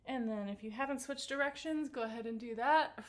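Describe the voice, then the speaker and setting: A woman voice teacher, her voice a little high and her pace a little fast, runs a guided warm-up on a livestream. She greets people by name in an easygoing, encouraging manner.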